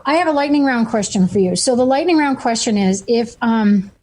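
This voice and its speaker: A woman's voice: on the high side, animated, fairly quick, a little mellow. A woman hosting a radio talk show and coaching, who talks with enthusiasm and keeps affirming her guest. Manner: enthusiastic, frequent affirming interjections.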